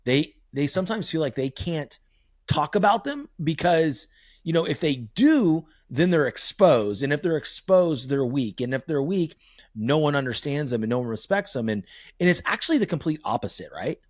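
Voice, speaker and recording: A man's voice: on the high side, expressive, normal speed, a little mellow, no room sound, clean studio sound. A man in his thirties hosting a casual podcast, telling stories animatedly and swearing freely. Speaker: podcast host.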